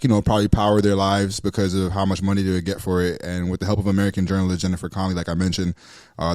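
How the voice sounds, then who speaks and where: A man co-hosting a podcast, chatting casually and excitedly about films, rambling with fillers. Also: sits low, no echo, studio quality. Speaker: podcast co-host. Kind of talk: casual movie discussion.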